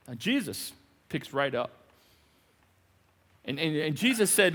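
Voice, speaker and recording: Animated, bright-voiced male preacher. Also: high-pitched, normal speed, pauses often, big-room sound. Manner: animated, jokey preaching with sudden loud emphasis. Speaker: pastor. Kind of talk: sermon. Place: large church hall.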